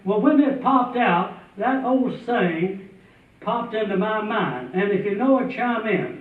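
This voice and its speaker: A man with a high, voice spins a tall tale in a folksy, chuckling manner. He sounds thin and tinny, as if heard over a phone. He is picked up from well back in an echoey hall. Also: animated, a little slow, distant mic. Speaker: storyteller. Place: festival stage before an audience.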